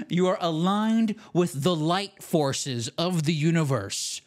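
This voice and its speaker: A young man hosting a podcast, talking in an excitable, slangy way full of "like" and "dude". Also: sits high, very slow. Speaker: podcast host. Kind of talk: casual podcast commentary.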